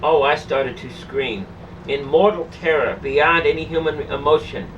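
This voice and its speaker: A woman telling a harrowing personal story in the first person, in a halting way that keeps repeating and restarting phrases. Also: low-pitched, steady tone. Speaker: storyteller recounting a personal ordeal. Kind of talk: emotional first-person testimony. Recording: dull distant recording with faint hum.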